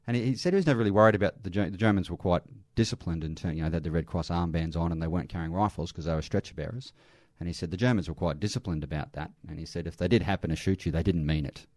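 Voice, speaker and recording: A man's voice: low voice, racing, hardly any pauses, a little mellow, no room sound. A middle-aged Australian man, an army veteran working in aged care, telling earnest stories in an interview with restarts. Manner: earnest, anecdotal, with frequent restarts and light laughs. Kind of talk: conversational interview storytelling.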